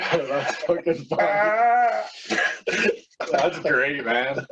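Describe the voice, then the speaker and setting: A man hosting a podcast reacts in a slow, laid-back drawl and swears casually. His voice sits slightly high, and it comes through a dull, lo-fi recording with a faint hiss behind it. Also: lively intonation. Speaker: podcast host. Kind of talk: casual chat.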